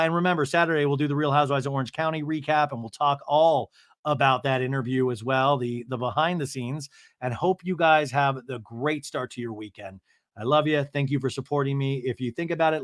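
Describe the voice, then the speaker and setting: Animated gossipy man recapping TV. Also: mid-range voice, no room sound, studio quality. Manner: animated, gossipy, laughs often. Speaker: podcast host. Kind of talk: casual TV recap monologue.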